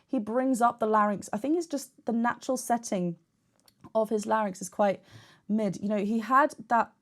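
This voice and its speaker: A woman's voice: fairly high pitch, normal speed. A young woman, a vocal coach, chatting enthusiastically while she reacts to and analyses a singer's technique.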